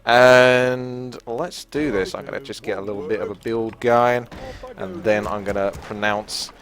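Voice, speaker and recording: A man's voice: lowish voice, steady tone, measured pace, a bit bright. A man giving casual gameplay commentary, chatty and self-deprecating, often laughing at himself. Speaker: gaming commentator.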